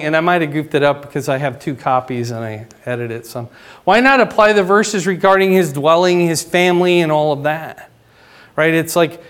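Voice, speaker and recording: A male pastor teaching a sermon in a conversational way, often checking in with "right?" and "okay?", his voice climbing higher and louder to stress a point. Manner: rises in pitch and volume for emphasis.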